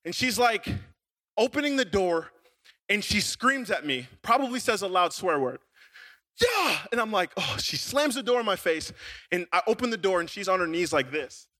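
A man's voice: high voice, moderate pace. A young man preaching to a youth group in a casual, joking storytelling style, with lots of filler words like "like.". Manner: animated and joking, with many fillers like "like". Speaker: youth pastor.

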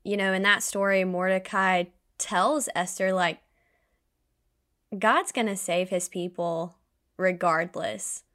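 A woman's voice: medium pitch, fairly even intonation, slow, a bit bright. A woman co-hosting a faith podcast, reflecting thoughtfully on scripture. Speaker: podcast co-host. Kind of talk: casual faith podcast chat.

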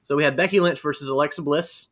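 A man in his thirties co-hosting a casual wrestling chat, animated and rambling with fillers. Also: on the high side, fast. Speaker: podcast co-host.

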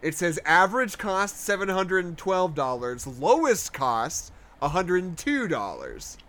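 A young man co-hosting a casual movie commentary podcast, rambling and wry, thinking out loud as he searches online. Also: sits high, huge pitch swings, measured pace. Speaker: podcast co-host.

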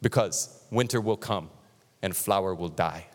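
Give me a man imitating an older African man with a weighty, dramatic accent, a bit lower than his own voice, in an echoey hall. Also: unhurried. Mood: solemn. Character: older African man giving solemn advice. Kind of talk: sermon anecdote impression.

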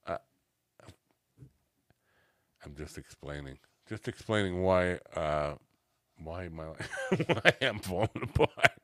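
This podcast host's low voice has a fairly bright tone, captured in clean studio sound with no room reverb. He rambles through a casual chat show, poking fun at himself and losing focus while coming off a cannabis edible.

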